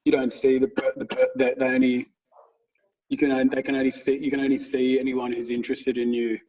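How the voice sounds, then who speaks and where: A man's voice: medium pitch, completely flat delivery, fairly quick, dark tone, far from the mic, low-quality recording. A man in his thirties, co-hosting a podcast, who rambles through casual stories and swears freely. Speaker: podcast co-host. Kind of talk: casual chat.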